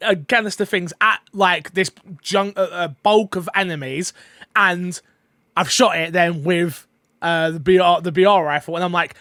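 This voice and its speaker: Rambling, excitable man on a podcast. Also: high voice, normal speed, no room sound, studio quality. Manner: rambling, excitable, many fillers. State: eating while talking. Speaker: podcast co-host. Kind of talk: casual podcast chat.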